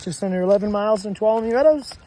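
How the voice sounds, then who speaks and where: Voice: medium pitch, fast talker, warm tone, soft background music. A hiker from Washington state talks to the camera while walking a mountain trail. The hiker rambles and often breaks into awestruck exclamations. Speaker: long-distance hiker. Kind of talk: walking trail vlog, thinking aloud.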